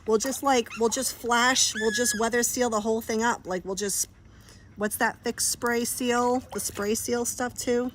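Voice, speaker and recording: A woman's voice: a little high, steady tone, measured pace, a little hiss or hum. Chatty woman livestreaming from a pool. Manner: chatty, laughs often, talks to her dogs. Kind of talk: casual livestream chat. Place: backyard pool, outdoors.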